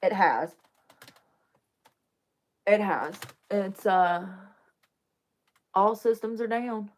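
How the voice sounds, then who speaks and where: A woman's voice: mid-range voice, very slow. Young woman vlogging, chatty and jokey, cusses a lot, talks right to the camera. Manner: chatty, joking, swears casually. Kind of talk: casual chat to camera.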